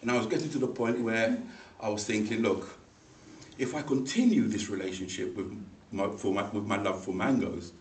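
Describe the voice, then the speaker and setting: A man giving a humorous personal story as a speech, animated and acting out the people in it. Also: lowish voice, moderate pace. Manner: animated, acts out voices in the story, laughs along. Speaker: speaker at a speaking club. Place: meeting room. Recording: echoey room, mic far off, faint noise.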